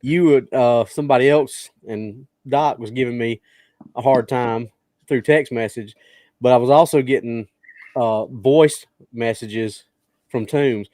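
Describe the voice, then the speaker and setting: A man's voice: mid-range voice, a little slow, dark tone, no room sound. A man co-hosting a podcast, telling stories with frequent laughter in casual chat. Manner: storytelling, laughs often. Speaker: podcast co-host.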